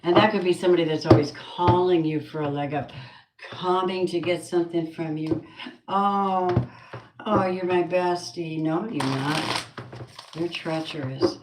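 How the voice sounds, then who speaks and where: A woman's voice: deep voice, steady tone, moderate pace, reverberant, heavy background noise. A woman giving a spoken tarot reading with prayers, blunt and earthy, muttering asides to herself. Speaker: tarot card reader.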